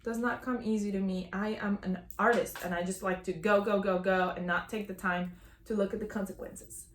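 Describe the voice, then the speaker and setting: A woman's voice: mid-range voice, steady tone, brisk. A young woman hosting a sewing tutorial, bubbly and self-teasing, talking as she works at a serger. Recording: roomy echo, faint machine noise.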